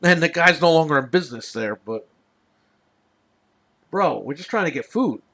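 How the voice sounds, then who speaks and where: Podcast host, male, raised tone, sharp edge, swears freely while venting. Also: fairly high pitch, animated, normal speed. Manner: profane, exasperated storytelling. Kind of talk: casual ranting chat.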